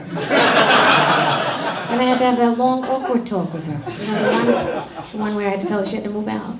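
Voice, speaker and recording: A woman's voice: mid-range voice, fairly quick, pauses often. Brash middle-aged woman doing stand-up. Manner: deadpan, brash, crude punchlines. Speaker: stand-up comedian. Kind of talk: stand-up comedy set. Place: comedy club stage. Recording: echoey room, loud audience noise.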